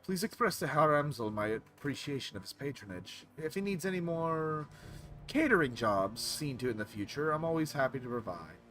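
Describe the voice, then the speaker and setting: A man voicing a scheming middle-aged male coffee shop owner who speaks in a courteous, flattering, overly polite way. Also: on the high side, moderate pace.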